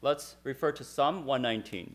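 A man interpreting a sermon phrase by phrase, measured and steady, at times reading scripture aloud. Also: medium pitch.

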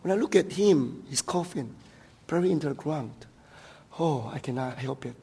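A middle-aged pastor with a Taiwanese accent preaches a sermon, moving from personal stories to emphatic rhetorical questions. His voice is gravelly and dark, with a husky edge. It rings with the long reverb of a hall. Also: on the high side, normal speed.

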